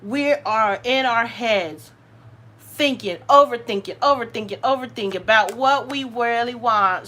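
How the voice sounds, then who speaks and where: A woman with a Southern US accent, hosting a live tarot reading. She talks in an animated, slangy way, straight to her viewers. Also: on the high side, moderate pace. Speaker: tarot reader, channel host.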